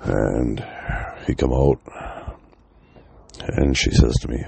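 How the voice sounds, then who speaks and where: Guy telling a wild story, super low gravelly voice, swears a ton, chuckles a lot. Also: slow pace, long pauses, warm tone, no echo. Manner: profane, laughs between lines. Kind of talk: casual personal storytelling.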